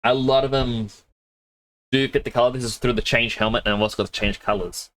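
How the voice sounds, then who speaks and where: A man's voice: medium pitch, steady tone, a little fast, a bit bright, a little hiss or hum, poor audio. A young man with a mixed Australian accent chatting casually on a game live stream, rambling and laughing often. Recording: game music playing underneath. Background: game music.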